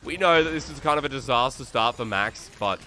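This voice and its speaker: An Australian man solo-casting an esports match, excitable and chatty, thinking aloud and reading viewer comments between plays. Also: medium pitch, a little fast, slight background noise. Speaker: esports caster. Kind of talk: solo play-by-play commentary and chat. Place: New South Wales.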